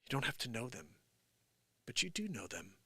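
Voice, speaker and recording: A middle-aged man with a New Jersey accent telling personal stories on a live stream, swinging between loud, animated bursts and hushed reflection. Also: medium pitch, moderate pace, breathy edge, no room sound. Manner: animated storytelling, acts out quoted voices, swings from loud to hushed. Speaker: live show host. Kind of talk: casual livestream monologue.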